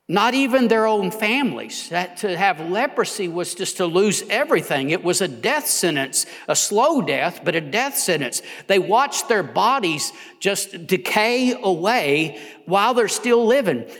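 Male pastor, sermon, high voice, impassioned swells and hushed drops, long hall reverb. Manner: impassioned, rising to near shouts then dropping low.

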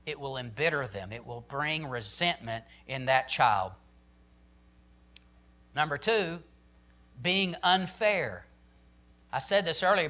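A man's voice: mid-range voice, pushed and bright. A man preaching a sermon on parenting, emphatic, often saying "listen" and "I'm telling you".

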